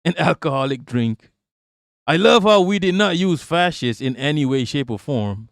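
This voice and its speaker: A man's voice: fairly high pitch, expressive, normal speed, no room sound, studio quality. A man hosting a livestream, reading viewer comments aloud and answering them in a rambling, profane way. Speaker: livestream host.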